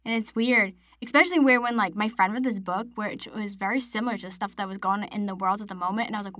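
A woman's voice: medium pitch, quick pace, few pauses, music in the background. A young woman from Massachusetts hosting her own podcast, chatting casually and rambling with lots of "like". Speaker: podcast host. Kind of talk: casual solo podcast chat.

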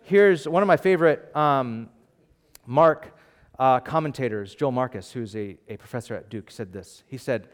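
A man preaching a sermon as pastor, animated and conversational, acting out voices from the story with casual fillers. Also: medium pitch, moderate pace.

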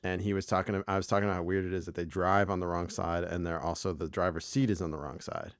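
A man's voice: low voice, fairly even intonation, fast, no echo, clean studio sound. An American man co-hosting a podcast, chatting casually in a rambling way with lots of swearing and restarts. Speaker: podcast co-host. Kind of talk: casual chat.

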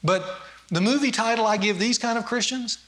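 A man preaching a sermon in a high, ringing voice. He tells stories and acts out quotes, building to emphatic peaks and then dropping low for weight. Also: normal speed, fairly bright tone. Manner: storytelling with acted quotes, rising emphasis.

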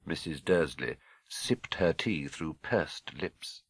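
A British man narrating an audiobook with expressive, measured storytelling. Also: rumbling low, breathy edge, no echo. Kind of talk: scripted narration.

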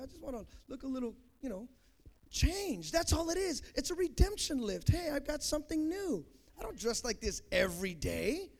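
Young male pastor, very high-pitched, preaching with emphatic swells and soft asides. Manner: preaching, rising to loud emphatic peaks then dropping soft. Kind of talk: sermon.

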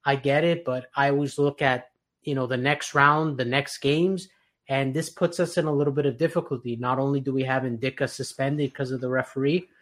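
A man hosting a podcast, giving animated, opinionated football takes in casual chat with frequent restarts. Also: mid-range voice, a little fast. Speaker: podcast host.

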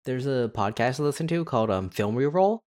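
A man's voice: mid-range voice, expressive, fairly quick, darkish tone. A man chatting casually on a podcast, laughing easily. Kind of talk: casual chat.

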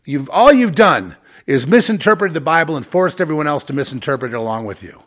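A gravelly-voiced man rants on his own podcast, angry and profane, with a heavy streak of sarcasm. His pitch leaps around, swinging high and low. He sits a touch above most men in pitch. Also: big pitch swings, moderate pace, fairly bright tone. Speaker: podcast host. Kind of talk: solo podcast rant.

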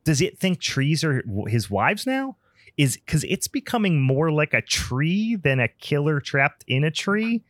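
A man co-hosts a casual podcast, picking apart a film with sarcastic retellings and frequent laughs. His pitch swings widely as he gets worked up. The sound is close and dry, with no room around it. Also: sing-song, a little slow, a bit bright, no room sound. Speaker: podcast co-host. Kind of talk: casual film review chat.

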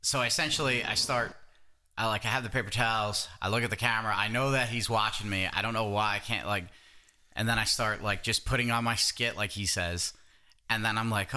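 A man's voice: fairly low pitch, steady tone, fairly quick, sharp tone. A man co-hosting a podcast, telling a rambling story in crude, profane casual talk and laughing at himself. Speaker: podcast co-host.

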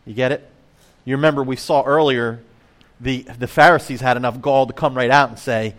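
A man's voice: medium pitch, steady tone, moderate pace, a bit bright. A man preaching a sermon in a conversational way, full of rhetorical questions and acted-out voices of the crowd. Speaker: pastor.

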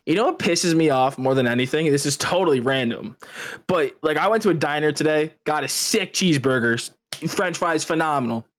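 A young man telling stories on a casual podcast, animated and quick to laugh. His voice sits a little high, and he swears freely as he rants on tangents. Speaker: podcast co-host. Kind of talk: casual chat.

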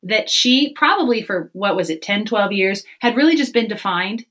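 A woman on a faith podcast, talking fast and animated and acting out the voices she quotes. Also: medium pitch, poor audio. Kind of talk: casual faith podcast chat.

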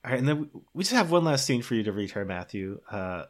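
A man's voice: medium pitch, very animated, quick pace, close to an everyday voice. A man playing an upbeat, awkward film director running an audition, talking with many hesitations. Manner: chipper, hesitant, filler-heavy. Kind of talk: comedy sketch.

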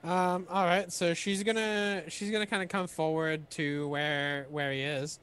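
A man's voice: fairly high pitch, level tone, measured pace, fairly bright tone, clean tone. A man playing a tabletop game, hesitant and thinking aloud as he plans his turn. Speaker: player.

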